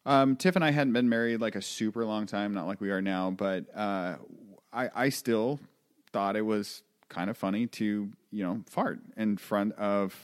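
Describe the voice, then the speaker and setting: Man, low voice, dry close sound, casual podcast guest, laughing storyteller. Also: moderate pace, dry recording. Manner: chatty storyteller, frequent restarts and laughs. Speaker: father. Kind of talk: casual chat.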